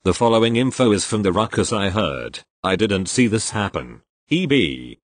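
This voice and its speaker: A man reading online posts aloud as storytelling, in a wry, expressive manner. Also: fairly low pitch, normal speed, few pauses, dry recording.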